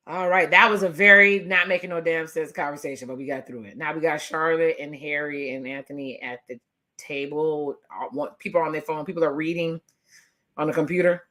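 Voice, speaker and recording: A woman vlogger giving a casual, sassy recap rant with animated delivery and laughing asides. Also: sits low, brisk.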